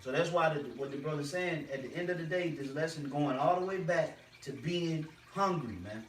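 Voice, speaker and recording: A man's voice: on the high side, normal speed. A man leading a faith discussion in an emphatic, repetitive, slangy preaching manner. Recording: roomy and distant with faint noise.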